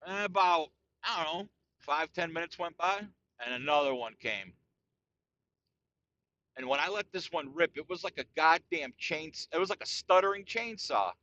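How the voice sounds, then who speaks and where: Lively, bright-voiced man ranting crudely. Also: on the high side, moderate pace, lo-fi sound. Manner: crude, profane and boastful, peppered with "dude". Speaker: podcast host. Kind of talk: casual solo podcast rant.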